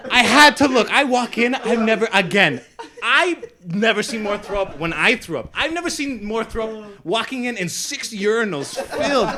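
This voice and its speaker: A young man tells a rambling, laughing story in a high voice. Friends can be heard chattering around him as he talks. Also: lively intonation, moderate pace, crowd noise. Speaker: podcast co-host. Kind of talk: casual storytelling chat.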